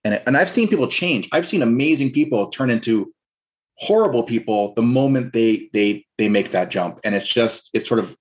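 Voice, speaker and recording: A man's voice: medium pitch, lively intonation, normal speed. A man co-hosting a podcast, asking a musing question and repeating words as he thinks aloud. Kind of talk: interview questions, casual chat.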